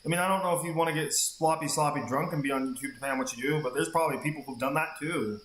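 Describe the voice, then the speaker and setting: A man's voice: a little high, rapid-fire, fairly bright tone, echoey room, a little hiss or hum. A man streaming a game, telling a long rambling story in casual chat and swearing freely. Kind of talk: casual chat while gaming.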